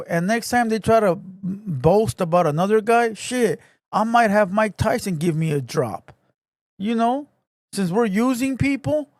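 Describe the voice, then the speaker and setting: Speaking in coarse, cuss-filled street slang, this man hosts a relaxed livestream podcast and gives his crew shout-outs to hype them up. He has a fairly high male voice, recorded up close and dry with no room sound.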